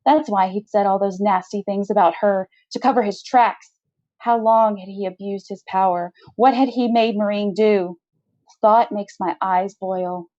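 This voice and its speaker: A woman author reads her own first-person short story in a steady, measured way. Her pitch is middling. The recording is slightly dull and lo-fi.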